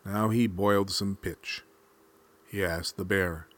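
A man reading a folk tale aloud in a measured, expressive storytelling manner. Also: low-pitched.

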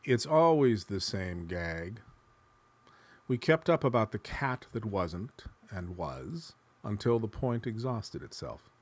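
Man, literary fiction reading, unhurried delivery, slightly raspy tone, musing and dramatic. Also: lowish voice, sing-song, no room sound. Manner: dramatic, shifting between musing and hushed tones. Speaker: narrator.

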